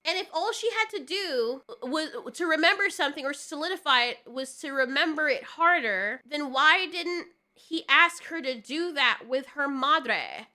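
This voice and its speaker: A woman with a high-pitched, pushed, bright voice reviews a TV finale on video in a profane, exasperated rant. She often sputters and laughs as she reacts.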